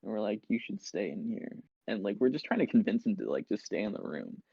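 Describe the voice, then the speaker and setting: A man's voice: on the low side, big pitch swings, fairly quick, gravelly, breathy edge, no echo. A young man and podcast co-host telling a long casual story, full of filler words and acted-out quotes. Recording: dull lo-fi podcast mic.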